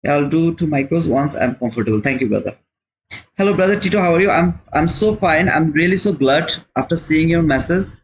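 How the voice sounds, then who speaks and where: A man's voice: fairly high pitch, animated, fairly quick, slight background noise, poor audio. A man hosting a live trading stream, chatting casually and answering viewers' comments, with frequent repeated words. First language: not English. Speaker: trading livestream host.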